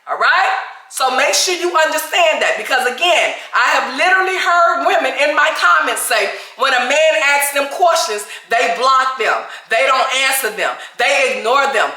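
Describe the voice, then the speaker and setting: A woman's voice: sits high, pushed and bright, reverberant, poor audio. Emphatic woman giving dating advice. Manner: emphatic, repeats "all right?" and "okay?" constantly. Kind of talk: direct-to-camera advice talk.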